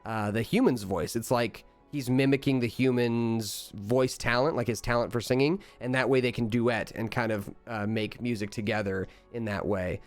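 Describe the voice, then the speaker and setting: Relaxed man narrating a tabletop game. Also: mid-range voice, soft background music. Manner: relaxed, halting, many fillers. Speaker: game master.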